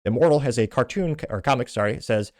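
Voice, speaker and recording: A podcast host with a mid-range, darkish voice reads out social media posts on his commentary show, briskly tossing in scornful remarks between the quotes. The audio is studio quality, with no room sound.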